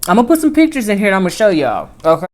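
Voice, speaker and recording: A woman vlogger telling a personal story in casual chat, animated, with lively swings in pitch and volume. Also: racing.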